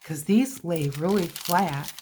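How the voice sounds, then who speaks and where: Woman crafter, low unhurried voice, chatty walkthrough, mutters to herself as she works. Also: warm tone, slight background noise. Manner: chatty, talks to herself while working. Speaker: crafting video host.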